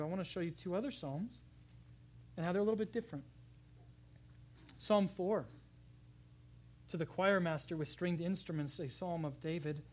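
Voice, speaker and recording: A pastor delivering a conversational sermon, talking straight to the congregation and swinging between loud, emphatic scripture readings and hushed asides. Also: medium pitch, poor audio. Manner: conversational, addresses the congregation directly.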